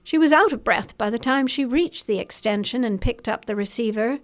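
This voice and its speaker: A woman reading a suspense novel aloud in a measured, dramatic storytelling manner. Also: fairly high pitch, animated. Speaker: audiobook narrator. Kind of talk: scripted novel narration.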